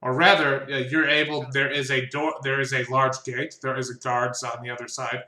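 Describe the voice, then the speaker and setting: A man runs a horror-fantasy tabletop game, narrating with a crisp, bright tone. He chats loosely, laughs easily and trips over the odd name. His voice rings in an echoey room. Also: medium pitch, little pitch movement, moderate pace. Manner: chatty, laughs easily, stumbles over names. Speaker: game master.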